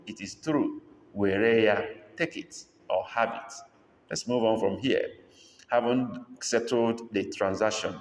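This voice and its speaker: A man teaching a language lesson, repeating each phrase slowly and breaking it down word by word. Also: fairly low pitch. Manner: slow drilled repetition of phrases. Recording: echoey room with long reverb.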